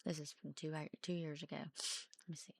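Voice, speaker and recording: A woman streamer reading forum posts aloud during a game stream, halting and mumbling at times. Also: low voice, level tone, creaky, slightly rough.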